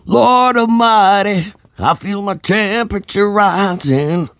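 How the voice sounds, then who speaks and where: A man's voice: high voice, fairly bright tone, no echo, pitched above the performer's own voice, full character voice. Man doing a drunk, howling rock-and-roll crooner. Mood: belting. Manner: howling, drawn-out singing.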